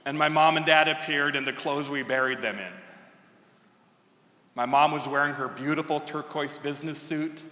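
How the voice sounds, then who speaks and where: A man's voice: fairly high pitch, steady tone, moderate pace, sharp tone. A man in his fifties giving a humorous commencement speech as a wry comic storyteller at a podium microphone. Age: 50s. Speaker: commencement speaker. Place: large ceremony hall. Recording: echoey hall with long reverb.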